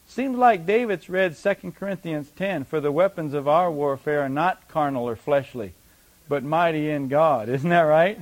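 A man's voice: on the high side, moderate pace, dry recording. A man preaching a sermon, reading scripture aloud and speaking with rising intensity.

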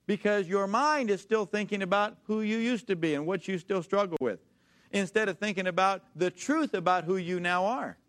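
A man with a fairly high voice preaches a sermon. He leans on repetition, slows down deliberately over scripture and calls on the congregation to answer back. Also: fairly bright tone. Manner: emphatic, repeats key phrases, slows to read scripture.

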